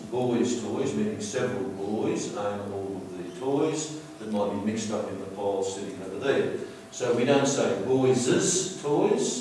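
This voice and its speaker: Low-voiced teacher in a very echoey room. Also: male voice, a little mellow, a little hiss or hum. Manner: patient, repetitive explaining, slows down to stress words. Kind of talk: slide-based grammar lesson. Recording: very echoey room, distant mic.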